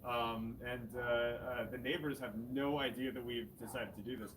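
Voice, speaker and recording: A man's voice: medium pitch, flat delivery, normal speed. A man co-hosting a live comedy show, bantering loosely with many restarts. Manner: rambling, playful, many restarts. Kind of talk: casual improvised banter. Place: outdoors near a fire escape. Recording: distant mic, noisy outdoor ambience.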